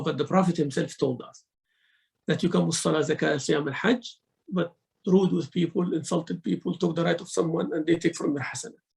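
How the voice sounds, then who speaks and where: A man giving a religious lesson, mixing quick recitation into his English explanations and acting out examples of speech. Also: a little high, creaky, a little mellow, rough recording. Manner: mixes Arabic recitation into English teaching, acts out rude and polite speech. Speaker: sheikh teaching Quran commentary.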